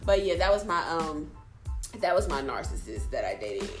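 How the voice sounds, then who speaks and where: A woman's voice: deep voice, big pitch swings, moderate pace, roomy sound, soft background music. A woman co-hosting a casual chat, candid and swearing freely as she tells a story. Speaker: podcast co-host.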